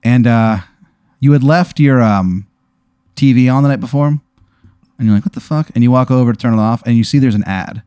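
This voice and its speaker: A man spins an improvised story in a loose, rambling way, full of pauses and fillers. His voice is mellow and relaxed. The recording is dry and close. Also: mid-range voice, clean tone, dry recording. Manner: laid-back, rambling with fillers. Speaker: storyteller posing a hypothetical.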